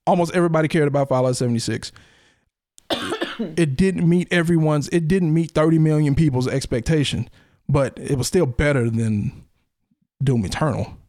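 A man's voice: on the high side, moderate pace, darkish tone, no room sound, clean studio sound. Blunt, argumentative male podcast host. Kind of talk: casual podcast chat reviewing a game.

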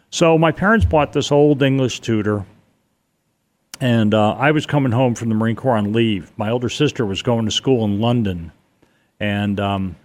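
An older man from Connecticut, telling a long personal story in a rambling, animated way, with many restarts. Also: medium pitch. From Connecticut, USA. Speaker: guest telling a ghost story. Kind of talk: casual storytelling on radio.

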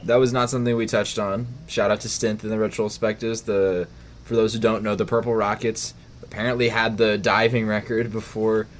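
A man's voice: on the low side, little pitch movement, brisk, a little hiss or hum. A man co-hosting a casual podcast, chatty, often repeating words. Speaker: podcast co-host.

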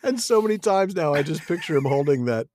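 A man co-hosts a book podcast with playful, laugh-filled banter. His pitch swoops a lot, and he sits close in a dry space. He keeps the talk loose and chatty. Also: sing-song, a little fast, a little mellow, dry recording. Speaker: podcast co-host. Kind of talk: casual chat.

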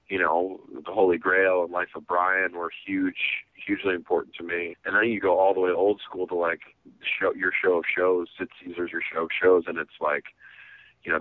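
A man's voice: low voice, little pitch movement, normal speed, no echo. A man guest telling rambling, self-deprecating comedy stories in a casual interview, heard over a phone-like line. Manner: rambling, self-deprecating, acts out quoted voices.

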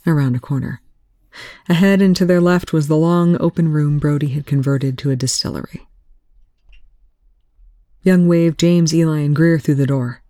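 A reader narrating fan fiction aloud in a steady, even manner with a gravelly voice. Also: medium pitch, no room sound, clean studio sound. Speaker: audiobook reader.

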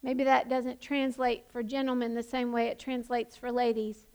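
A woman preaching an impassioned sermon, building to emphatic shouts. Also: on the high side, monotone, moderate pace. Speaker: pastor.

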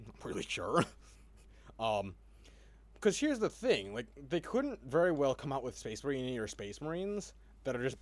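Dry, medium-pitched audio captures a man co-hosting a podcast. He keeps the chat casual, profane and animated, laughing frequently as he goes.

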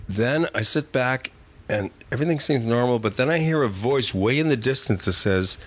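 Older male guest, comedy writer, profane and animated raconteur, middle-pitched voice. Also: moderate pace. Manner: vivid, profane, animated storyteller. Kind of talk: casual podcast storytelling.

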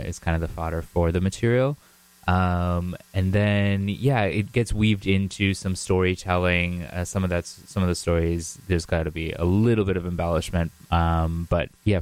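A man, a stand-up comedian, talking in a calm, dry, sarcastic way as an interview guest. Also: deep voice, normal speed, clean tone, no room sound.

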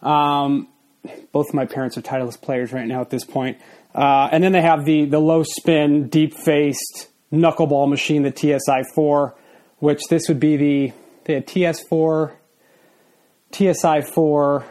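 A man's voice: on the high side, fairly even intonation, measured pace, darkish tone. A man in his forties hosting a casual solo podcast, a little out of breath, rambling loosely with fillers and restarts. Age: 40s. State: slightly out of breath. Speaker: podcast host.

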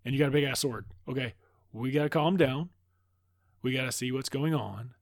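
A man's voice: medium pitch, normal speed, no echo, studio quality, lightly acted. A man voicing a startled, flustered male soldier spy during a casual recap.

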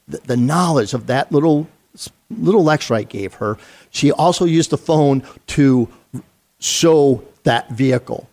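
A man's voice: medium pitch, darkish tone. A middle-aged man, a retired police sergeant, telling a story in an interview in an earnest, conversational way with fillers and restarts.

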